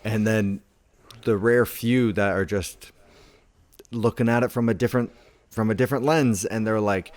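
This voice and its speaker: A man's voice: fairly low pitch, steady tone, normal speed, darkish tone, dry recording. A man co-hosting a podcast, telling a story in a laid-back casual chat, full of filler words. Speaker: podcast co-host.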